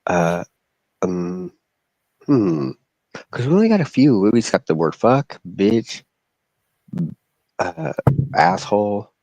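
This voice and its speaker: A man with a somewhat low voice chats casually, asking curious questions about what he hears. The recording is dry with little room sound. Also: big pitch swings, takes it slowly, long pauses, a little mellow, no room sound. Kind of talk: casual chat.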